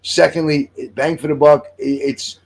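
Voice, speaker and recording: A man's voice: on the high side, level tone, a little slow, vocal fry. A man in his sixties hosting a casual chat show, rambling through jokes and movie picks and swearing freely. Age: 60s. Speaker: podcast host.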